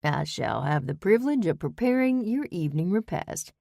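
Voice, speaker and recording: A woman voicing a charming, laid-back male chef with a slow, courtly Southern drawl in an audiobook. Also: fairly low pitch, very animated, creaky, dark tone, dry recording, clean studio sound. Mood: easy charm. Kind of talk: audiobook character voice.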